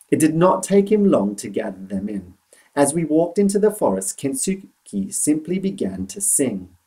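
A man reading a children's novel aloud in an expressive, animated storytelling manner. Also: medium pitch, low-quality recording.

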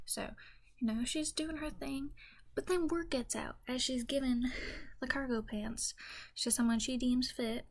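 A woman with a Southern US accent telling a rambling mock-religious comedy story in a folksy, deadpan way. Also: high voice, a little slow.

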